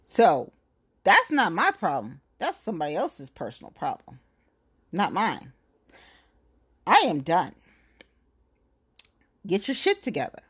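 A woman's voice: fairly low pitch, huge pitch swings, measured pace, long pauses, a bit bright, slightly rough. A woman venting angrily in a blunt, profane rant, talking straight to her viewers. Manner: blunt, profane, heated, emphatic. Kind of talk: angry venting rant to camera.

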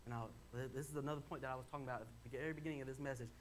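Speaking at a racing pace in a steady, medium-pitched voice, a young man preaches from a church sanctuary. His sermon is a candid, chatty personal story that climbs to emphatic points, and some faint background noise is audible.

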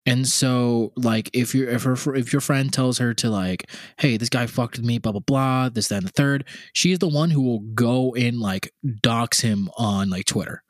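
A man's voice: mid-range voice, moderate pace, few pauses, dry recording. A man co-hosting a podcast, chatting casually and rambling, with lots of "like" and acted-out quotes. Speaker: podcast co-host. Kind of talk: casual comedic chat.

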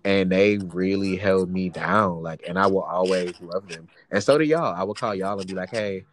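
A man's voice: sits low, moderate pace. A young adult man co-hosting a podcast, talking earnestly in slangy casual chat. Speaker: podcast co-host.

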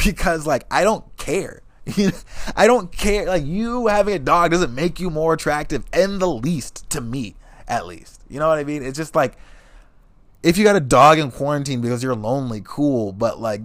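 A young man telling dating stories in a profane, animated rant, swearing constantly and laughing as he goes. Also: on the high side, normal speed, dry recording. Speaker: vlogger. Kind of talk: profane comedic storytelling rant.

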